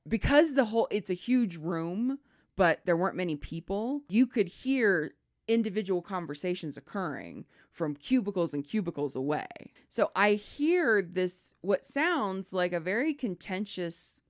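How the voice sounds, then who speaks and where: A woman's voice: medium pitch, expressive, a little slow. A woman co-hosting a podcast, telling a work story in casual chat and swearing freely. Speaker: podcast co-host.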